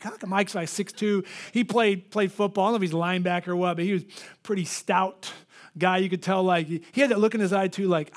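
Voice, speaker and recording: A man preaching a sermon as pastor, telling a story and acting out the people in it with lively energy. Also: high voice, brisk. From Florida. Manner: animated, acts out the people in his stories.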